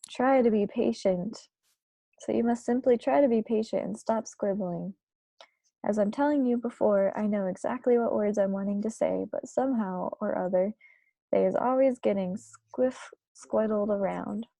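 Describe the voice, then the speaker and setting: A woman reading aloud, voicing a huge, kindly, very old male giant who mangles his words earnestly and a little loudly. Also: medium pitch, moderate pace, creaky, no echo. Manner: garbled grammar, loud and earnest.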